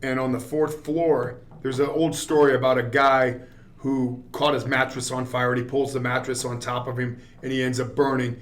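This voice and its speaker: A man, a guest actor, telling a story in a relaxed, rambling way on a podcast. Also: mid-range voice, moderate pace. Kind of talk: casual storytelling chat.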